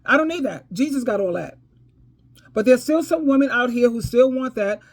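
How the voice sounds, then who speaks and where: Expressive and a little high, her voice runs at normal speed. This advice vlogger tells stories casually but preachily, calling listeners "baby" and "girl," laughing between points, and repeating phrases for emphasis.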